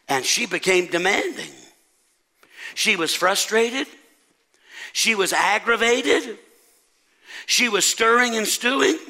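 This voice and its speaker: A male pastor preaching an animated, dramatic sermon and quizzing his congregation. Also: sits high.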